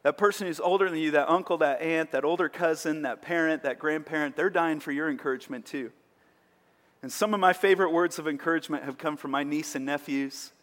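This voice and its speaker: A man's voice: fairly high pitch, fairly quick, a bit bright. A man preaching a sermon as pastor, earnest and emphatic, with rising bursts of energy. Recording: long hall reverb.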